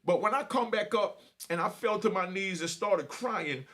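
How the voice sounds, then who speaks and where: A man's voice: high voice, lively intonation, normal speed, a bit bright. A middle-aged man telling a personal story in an emotional, earnest way, with street slang and frequent check-ins with the listener. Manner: earnest street talk, repeats "you know what I mean". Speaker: vlogger telling prison stories.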